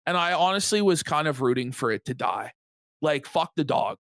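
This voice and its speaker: A man's voice: on the high side, animated, normal speed, a bit bright, dry recording. A man co-hosts a stream, tearing into a film in a dismissive, crude way. His voice rises and falls a lot, and the sound is dry and close. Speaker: co-host. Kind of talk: casual stream commentary.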